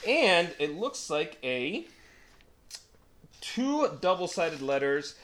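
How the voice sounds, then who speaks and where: A man's voice: fairly high pitch, very animated, slow pace, a bit bright, slight background noise. A man hosting a podcast, reading a letter aloud in casual chat, swearing and laughing often. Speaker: podcast host.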